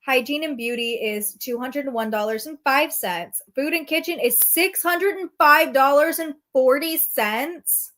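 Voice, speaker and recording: A woman's voice: high voice, unhurried, few pauses, a bit bright. A woman streamer reacting to her chat in casual commentary, sarcastic and profane.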